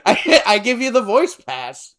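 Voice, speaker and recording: A man from South Texas trading jokes on a podcast, his pitch swinging up and down in lively bursts. He swears casually and breaks into laughter between lines. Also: measured pace. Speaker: podcast co-host. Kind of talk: casual chat.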